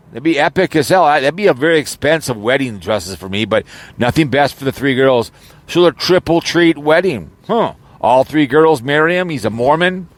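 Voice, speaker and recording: A man's voice: a little high, animated, moderate pace, no echo. A man rambling casually in an audio vlog, joking around with lots of fillers and false starts, recorded in his car. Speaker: YouTuber.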